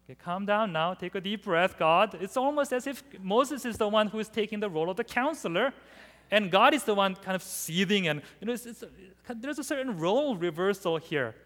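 A man preaching a sermon in an animated way, acting out the scripture he quotes. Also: high-pitched, fairly quick. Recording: long hall reverb.

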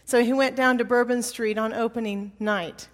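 A woman preaches a sermon in a storytelling way, hammering her points with repetition. Her voice sits somewhat high. It carries a long reverb from a large church hall. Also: steady tone, normal speed.

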